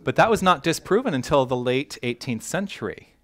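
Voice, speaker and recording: A man preaching a sermon as a minister, animated and joking with his congregation, tripping over his words when excited. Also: mid-range voice, brisk. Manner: animated, self-interrupting, jokes with the congregation. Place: church hall.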